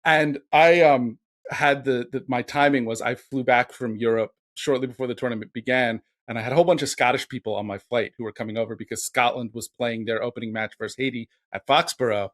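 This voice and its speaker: A man's voice: medium pitch, steady tone, fairly quick, fairly bright tone. A man who is a guest on a sports podcast, explaining things in a wry, conversational way. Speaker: guest, soccer podcast cohost. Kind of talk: casual podcast chat.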